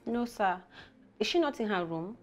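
An actress playing a polite, slightly hesitant housemaid. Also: female voice, mid-range voice, animated, moderate pace, music in the background, lightly acted.

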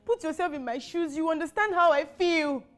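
A woman's voice: extremely high pitch, moderate pace. A woman playing a sobbing heartbroken young wife. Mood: tearful pleading. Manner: tearful, pleading. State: crying. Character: heartbroken young wife pleading with her mother.

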